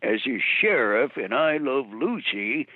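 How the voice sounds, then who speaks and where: A man, a voice actor, telling stories about his career in a chatty, animated way during a phone interview. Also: medium pitch, unhurried, dry recording. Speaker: voice actor guest. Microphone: telephone. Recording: dry tinny phone line.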